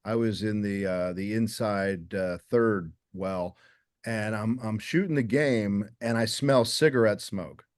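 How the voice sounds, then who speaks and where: A man hosting a podcast, telling a story in a measured, hesitant way with many fillers. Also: fairly low pitch, no echo, studio quality. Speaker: podcast host. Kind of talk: casual conversation.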